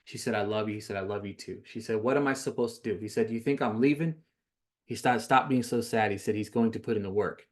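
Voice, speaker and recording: A man hosting a podcast, casually recapping a reality show episode, rambling with many fillers and self-corrections, his voice rising when he gives his opinion. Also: fast talker. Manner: gets louder and higher when giving his opinion.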